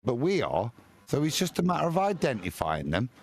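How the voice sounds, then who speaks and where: A man's voice: mid-range voice, huge pitch swings, a little fast, no echo. A man co-hosting a live stream, talking in a rambling, emphatic way with crude insults. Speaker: live show co-host.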